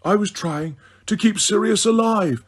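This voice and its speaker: A man voicing a wise, weary old male headmaster wizard in an audiobook, speaking in a measured, gentle, grave way. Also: sits high, husky, pitched above the performer's own voice. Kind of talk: audiobook character reading.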